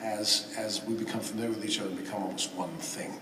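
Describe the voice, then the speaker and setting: Measured man answering on a panel. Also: lowish voice, level tone, sharp tone. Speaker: voice actor on a convention panel. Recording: echoey hall from far off.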